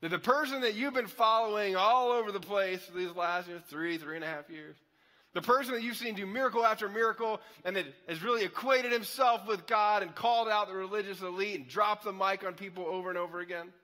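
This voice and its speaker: Male pastor, animated conversational sermon, fairly high voice, reverberant auditorium. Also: brisk. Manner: conversational, animated storytelling with asides. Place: church auditorium. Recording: echoey hall.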